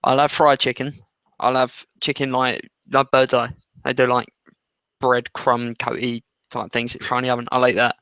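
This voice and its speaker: A man's voice: medium pitch, monotone, moderate pace, fairly bright tone, clear, resonant tone, dry recording, highs cut off. A young English man co-hosting a podcast, chatting casually and rambling, swearing and laughing often. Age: young adult. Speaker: podcast co-host. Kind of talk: casual chat.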